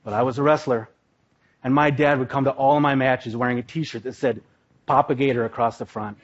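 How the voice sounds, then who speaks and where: A man's voice: medium pitch, steady tone, brisk. A man from Minnesota giving a live stage talk, telling his story in a vivid, dramatic way. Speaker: speaker, former pro wrestler. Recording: dull, lo-fi live recording.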